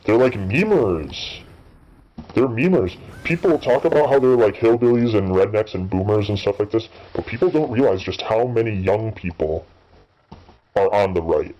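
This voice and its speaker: A man's voice: on the low side, expressive, normal speed, mellow, lo-fi sound. A man in his thirties rambling through casual, profane commentary while playing a game, full of fillers and restarts. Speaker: gaming channel host.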